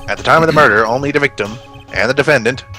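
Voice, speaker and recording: A man's voice: medium pitch, quick pace, bright, forceful tone, soft background music, pitched above the performer's own voice, lightly acted. A man voicing an eager, bumbling male police detective who keeps saying sir while testifying in a game. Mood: earnest. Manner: deferential, adds sir often.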